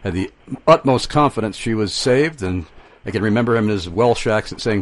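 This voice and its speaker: A man in a casual conversation, speaking in a measured, reflective way. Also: fairly low pitch, lively intonation, no echo.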